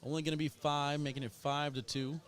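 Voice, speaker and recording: A man's voice: fairly high pitch, little pitch movement, fairly quick, fairly bright tone, slight background noise. A man giving casual, chatty play-by-play commentary on a cornhole match, joking with his co-host.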